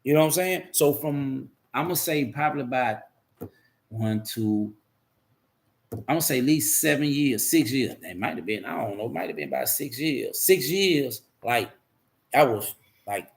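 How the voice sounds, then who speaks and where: Gravelly man telling a rough story. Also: mid-range voice, expressive, normal speed. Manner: profane, rambling, repeats phrases. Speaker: guest telling his life story. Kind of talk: candid conversational storytelling.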